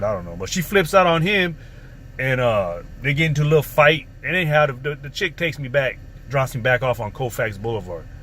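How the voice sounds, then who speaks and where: Profane, rambling man recounting a street story in a slightly higher voice, with faint noise behind. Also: fairly bright tone. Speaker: vlogger. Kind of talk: casual storytelling.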